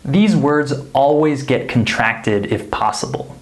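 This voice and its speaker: Male teacher, unhurried, clear modeling of phrases for learners. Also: mid-range voice, lively intonation. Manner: slow, deliberate, models example sentences clearly. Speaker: English pronunciation teacher. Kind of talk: scripted pronunciation lesson.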